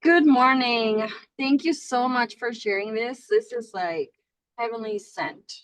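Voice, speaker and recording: A woman's voice: fairly high pitch, measured pace, dry recording, low-quality recording. A woman calling in to a group call, grateful and a little hesitant, restarting her words as she asks a question. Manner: grateful, hesitant, repeats herself. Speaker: caller.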